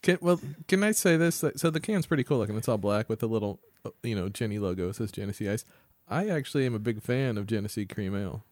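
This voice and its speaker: A man's voice: on the low side, expressive, quick pace, a little mellow, no room sound. A man co-hosting a casual podcast, blunt and profane in his remarks. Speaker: podcast co-host. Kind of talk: casual chat.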